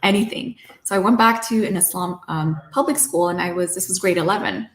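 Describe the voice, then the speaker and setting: A woman's voice: fairly low pitch, a little fast, reverberant. Young Canadian woman telling her story. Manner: lively, quotes herself and her parents in animated voices. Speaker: guest. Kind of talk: personal storytelling.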